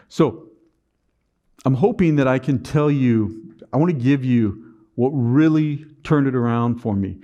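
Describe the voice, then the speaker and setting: On a conference stage, a man gives a motivational talk with dry, sarcastic humor, frequently repeating words as he begins sentences. His mid-range voice has a warm tone and moderate pace, captured with lo-fi sound.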